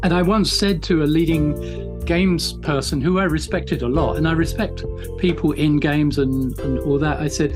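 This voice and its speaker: Panel guest, reflective storyteller, music clearly behind. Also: medium pitch, steady tone, moderate pace.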